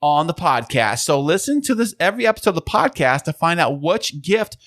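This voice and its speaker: Male co-host with a lively, bouncing pitch-man read and a dry close mic. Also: brisk, no room sound. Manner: upbeat, pitchman-like delivery. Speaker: podcast co-host. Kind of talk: casual chat, playful sales pitch. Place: home studio.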